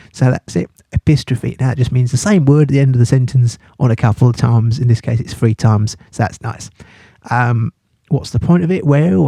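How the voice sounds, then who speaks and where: Chatty teacher with a dark, husky voice. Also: male voice, medium pitch, no room sound. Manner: chatty and playful, with jokey asides. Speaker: English literature teacher. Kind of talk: casual study-guide lesson.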